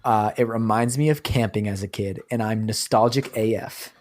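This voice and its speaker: A man's voice: fairly low pitch, moderate pace. A man co-hosting a casual podcast chat, making playful dry jokes. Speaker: podcast co-host.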